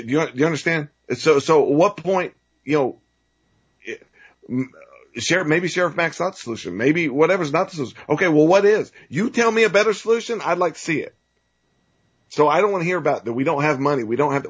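Ranting male talk host, husky. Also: a little high, dull audio. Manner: ranting, repetitive, stammering restarts. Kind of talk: heated political talk.

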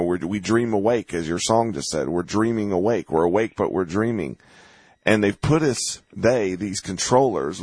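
A man's voice: fairly low pitch, slightly rough, dry recording. A man hosting a talk radio interview, talking in an impassioned, repetitive way that builds to heated outbursts. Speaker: radio host.

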